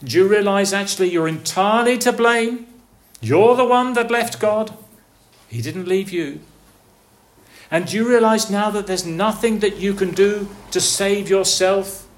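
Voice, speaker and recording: Male preacher, slightly high voice, slow and earnest delivery, lots of rhetorical questions. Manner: swings from soft, hushed lines to raised, calling ones. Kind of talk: sermon.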